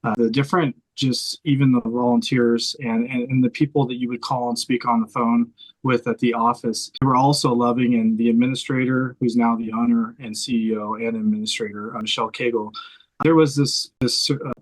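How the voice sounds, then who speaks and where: A man's voice: mid-range voice, flat delivery, brisk, poor audio. Earnest man, a hospice chaplain. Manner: earnest, heartfelt, close to tears while telling it. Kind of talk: personal storytelling in an interview. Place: room in a private house.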